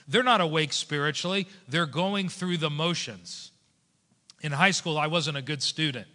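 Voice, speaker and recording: A man preaching a sermon as a pastor, animated and storytelling, switching into voices for the people in his stories. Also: a little high, moderate pace. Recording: long hall reverb.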